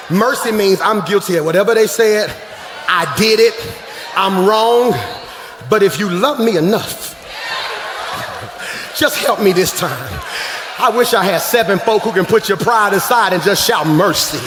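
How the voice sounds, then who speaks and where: Male pastor, sing-song shouted preaching, roomy echo, clear crowd ambience. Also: high voice, animated, unhurried, long pauses, noisy background. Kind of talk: sermon. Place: large church hall. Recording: echoey live church hall.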